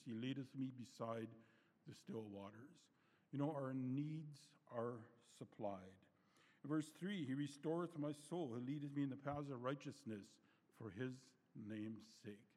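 A man with a medium-pitched voice preaches a sermon gently and without hurry, reading scripture in old-fashioned wording. His phrases fade softly at the end, and the recording carries a long hall reverb.

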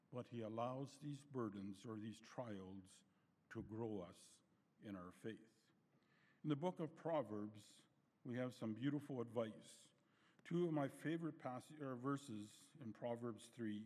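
Gentle preacher with a mellow voice. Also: male voice, mid-range voice. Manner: gentle, unhurried, quotes scripture in old-fashioned wording; trails off softly at the end of phrases. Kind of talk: sermon. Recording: long hall reverb.

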